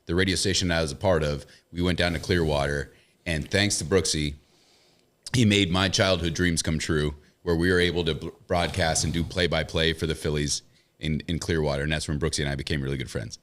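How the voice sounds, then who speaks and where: A man, a radio broadcaster guesting on a casual podcast, telling a story in a lively way with frequent laughter. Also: rumbling low, fairly quick.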